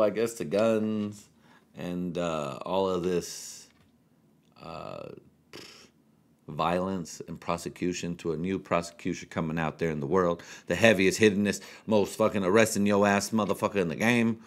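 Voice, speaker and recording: A man's voice: sits low, moderate pace. Young man, podcast host, tipsy, rambling, profane, loose casual storytelling. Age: young adult. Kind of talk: casual chat.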